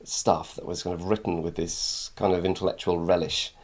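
A man's voice: low-pitched, flat delivery, normal speed. A man and former book editor chatting casually, rambling with many fillers and restarts. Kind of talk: casual conversation.

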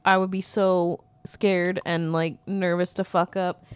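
A woman's voice: on the low side, little pitch movement, measured pace, clean tone, dry recording. A woman co-hosting a casual talk show who chimes in with blunt, profane, joking asides. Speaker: podcast co-host. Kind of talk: casual chat.

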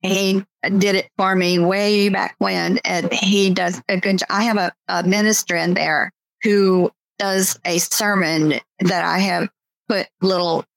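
A woman author talking about her books and reading a passage from her novel in a steady, measured way. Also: medium pitch, creaky, dry recording, rough recording.

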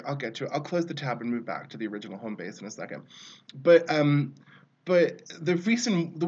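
A man's voice: a little high, a little mellow, breathy edge, dull audio. A man talking through a film review in a casual, rambling way, often breaking off mid-sentence and laughing.

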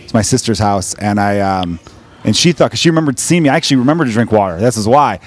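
A man's voice: on the low side, animated. A man in his thirties from the United States, hosting a podcast and telling crude stories in casual, profane chat. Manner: fast, profane storytelling, acts out quoted voices. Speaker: podcast host.

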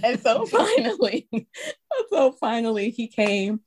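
A woman in casual conversation, recounting an anecdote and acting out the people in it with high, squealing voices. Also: takes it slowly, husky. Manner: animated, acts out quotes in high squeals. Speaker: guest; childcare teacher. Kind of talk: casual storytelling chat.

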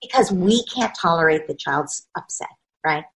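A woman's voice: lowish voice, lively intonation, moderate pace, fairly bright tone, poor audio. A woman speaking as a parenting expert in a conversational interview, explaining ideas emphatically and often acting out what parents and children say.

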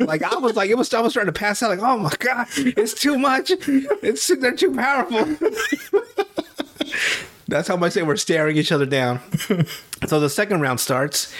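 A man hosts a casual podcast and tells a story with lots of swearing and laughter. His voice sits a touch high, and he keeps an animated, chatty pace throughout. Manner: animated, profane, laughs often. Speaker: podcast host.

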